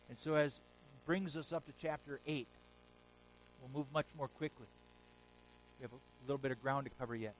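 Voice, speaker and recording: A man preaching a sermon, retelling scripture stories in a lively, casual modern way. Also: medium pitch, normal speed, pauses often, a little hiss or hum, poor audio. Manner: animated storytelling, paraphrasing scripture in casual modern speech.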